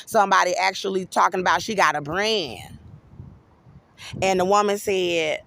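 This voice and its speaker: Agitated gravelly-voiced woman ranting. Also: fairly low pitch, normal speed, a bit bright. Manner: agitated, rambling, swears freely. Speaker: vlogger. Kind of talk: emotional personal monologue.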